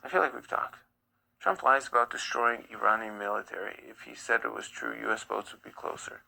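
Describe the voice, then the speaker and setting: A man's voice: mid-range voice, steady tone, a little fast, vocal fry, bright, forceful tone, rough recording. A man hosting a live stream, reading chat comments aloud and answering them bluntly. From United States. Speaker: livestream host.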